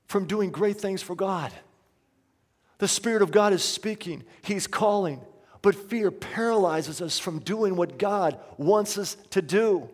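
High-voiced man preaching in a reverberant hall. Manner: impassioned preaching, acts out voices of a doubting man. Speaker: pastor. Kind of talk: sermon.

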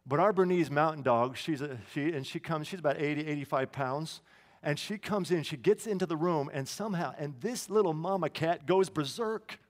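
High-voiced man preaching in a reverberant hall. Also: normal speed. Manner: conversational preaching with asides and restarts. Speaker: pastor. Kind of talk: sermon.

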